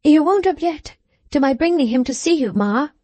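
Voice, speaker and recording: A woman's voice: high voice, expressive, moderate pace, dark tone, dry recording, voice pushed up. A woman doing a sobbing, pleading young girl. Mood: tearful pleading. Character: tearful young woman pleading with her mother.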